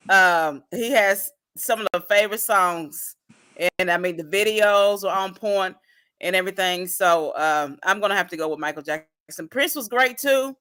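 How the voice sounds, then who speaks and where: A man with a very bright voice talks decisively as a co-host in a casual chat. He repeats his choice to drive the point home. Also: high-pitched, clear, resonant tone.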